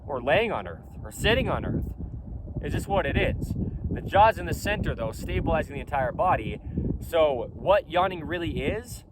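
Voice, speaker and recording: A man's voice: fairly high pitch, very animated, normal speed. A company founder talking outdoors in a casual vlog, speaking emphatically and insistently while repeating his points. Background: faint wind and traffic noise.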